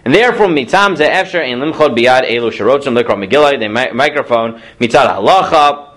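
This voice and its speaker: Lively male rabbi teaching a class. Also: mid-range voice, quick pace. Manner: reads Hebrew sources aloud then explains them in English, asks the class questions. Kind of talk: lecture on Jewish law.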